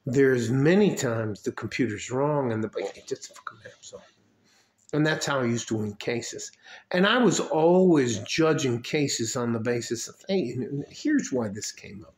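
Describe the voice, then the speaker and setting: Older man, angry personal rant, swears a lot, gets upset, roomy echo. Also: mid-range voice. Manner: heated, swearing, repeats himself. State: getting upset. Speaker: video blogger.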